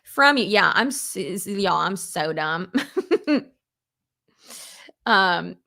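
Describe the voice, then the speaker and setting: A woman's voice: fairly low pitch, animated, drawn-out words, vocal fry, sharp tone. A young adult woman chatting casually on a live stream while doing her makeup, rambling with lots of fillers and answering viewers' comments.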